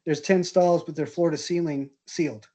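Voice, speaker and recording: A man teaching art history tells a casual story in class, his warm, low voice holding fairly even intonation at a moderate pace. Chatty but hesitant, he restarts often, says um a lot, and chuckles whenever he reaches a punchline. It sounds like a classroom.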